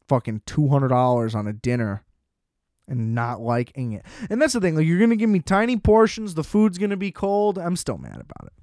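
A man's voice: mid-range voice, a little mellow, no echo, studio quality. A young man in casual chat, ranting with profanity and sarcasm and mocking other people in put-on voices.

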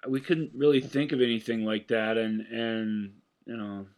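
A man's voice: mid-range voice, fairly even intonation, normal speed, a little mellow. A man co-hosting a movie podcast, chatting casually and telling rambling stories with frequent laughs. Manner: rambling, storytelling, laughing often. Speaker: podcast co-host. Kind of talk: casual chat about movies.

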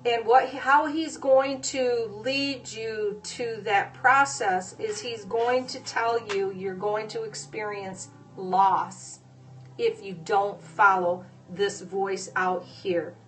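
A woman preaching a sermon, hesitating with fillers at times and then pressing her points with forceful repetition. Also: medium pitch, far from the mic. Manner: emphatic, repeating phrases with rising force.

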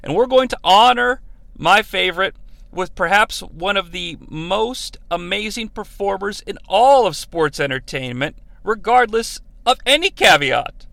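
Creaky, bright-voiced male podcast host. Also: sits high, expressive, measured pace, dry recording. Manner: rambling, profane and jokey, slipping into bits. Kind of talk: casual wrestling commentary.

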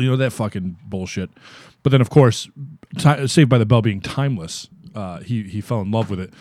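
A man's voice: medium pitch, animated, moderate pace, a little mellow, no echo, clean studio sound. A man co-hosting a podcast, chatting casually in a rambling, profane way. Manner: rambling, profane, laid-back. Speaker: podcast co-host. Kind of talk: casual chat.

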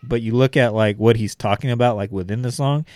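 A man's voice: mid-range voice, fairly quick, darkish tone, no room sound, clean studio sound. A man in a casual music discussion who rambles, swears freely and fills his talk with "like".

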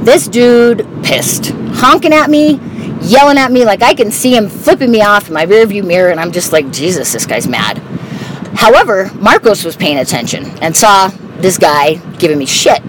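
Behind the wheel on the road, this vlogger shares stories casually, candidly and with plenty of profanity. Her mid-range voice is expressive at a moderate pace, competing with loud car and road noise.

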